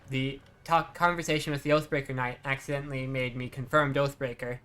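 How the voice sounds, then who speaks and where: A streamer giving relaxed, chatty commentary while playing, muttering asides. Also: medium pitch, fairly quick. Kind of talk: casual gameplay commentary.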